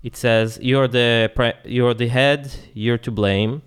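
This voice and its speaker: A man's voice: mid-range voice, fairly even intonation, slow pace, clear, resonant tone. A man co-hosting a podcast in casual chat, tossing in dry, wry remarks. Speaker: podcast co-host.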